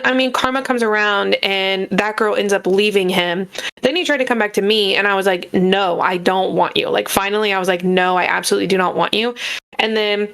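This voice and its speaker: A young woman co-hosting a podcast, telling personal stories in a casual, animated and frank way, swearing freely. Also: medium pitch, smooth. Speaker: podcast co-host. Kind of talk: casual storytelling chat.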